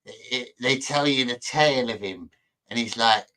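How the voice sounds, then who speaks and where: A man talks over a video he is watching in a loose, mocking, rambling way. His voice is bright and forward, and he trips over his words as he jokes. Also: mid-range voice, measured pace. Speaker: host reacting to a video. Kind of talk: casual reaction commentary.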